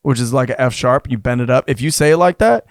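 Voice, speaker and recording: A man's voice: mid-range voice, quick pace, no echo, clean studio sound. A man who is a singer-songwriter, chatting casually on a podcast, rambling through stories, laughing often and acting out what people said. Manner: rambling storyteller, laughs often, acts out quotes. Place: studio lounge.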